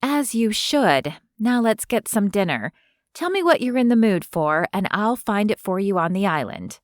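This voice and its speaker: A woman's voice: medium pitch, very animated, normal speed, no echo, studio quality, natural voice. A woman voicing a wry friendly young Southern woman.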